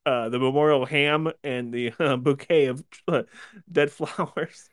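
A man co-hosting a casual group podcast, trading deadpan, dark jokes. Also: medium pitch, measured pace, no room sound, studio quality. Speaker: podcast co-host.

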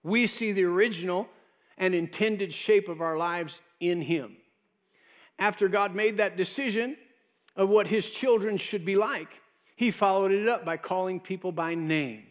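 A man's voice: high-pitched, measured pace. A male pastor preaching a sermon, emphatic and repeating words for stress.

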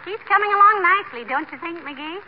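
An actress playing a cheerful, sensible small-town wife who talks in a brisk, gently teasing way, in a 1940s radio comedy. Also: female voice, very high voice, lo-fi sound. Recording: old radio recording with hiss.

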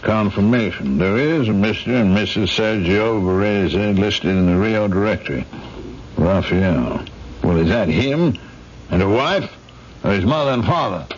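A man plays a gruff middle-aged corporate boss, brisk and businesslike in a lowish voice. It comes through a muffled old radio broadcast with faint hiss. It is a vintage radio drama. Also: close to an everyday voice. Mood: concerned.

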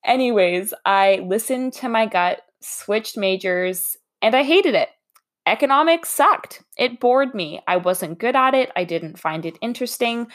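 A woman's voice: a little high, expressive, a little slow. A young adult woman who works as a recruiter, hosting her own podcast in a candid, chatty monologue with self-deprecating humor.

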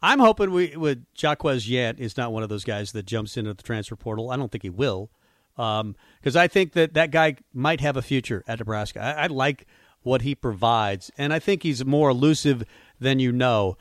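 A man talks football on a sports radio show, musing and casual with plenty of fillers. His voice sits in an ordinary middle pitch. The studio sound is dry and close. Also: lively intonation, normal speed, dry recording. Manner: conversational, musing, frequent fillers.

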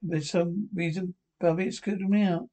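A man's voice: high-pitched, steady tone, moderate pace, dark tone, close to an everyday voice. A man playing a dry old Scottish pensioner. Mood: aggrieved. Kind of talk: sitcom acting.

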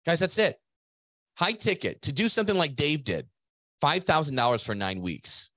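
A man's voice: on the high side, sing-song, normal speed, bright, forceful tone, no room sound, studio quality. A middle-aged man co-hosting a business podcast, talking in an emphatic, motivational way and swearing casually. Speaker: podcast co-host, gym business coach.

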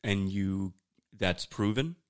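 A man's voice: fairly low pitch, takes it slowly, a crowd in the background. A man in casual podcast chat who talks hesitantly with many restarts, asking skeptically for evidence. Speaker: podcast co-host or guest.

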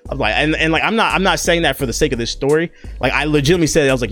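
A man's voice: mid-range voice, very fast, few pauses, fairly bright tone. A young man and content creator telling a personal story in a casual, profane, slangy way.

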